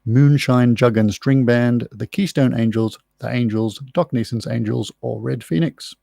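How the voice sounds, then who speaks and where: Gravelly quizmaster, dry and rambling. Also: male voice, medium pitch, measured pace, warm tone, dry recording. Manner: chatty, rambling, self-mocking asides. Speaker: quiz host. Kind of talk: live online pub quiz hosting. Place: room at home.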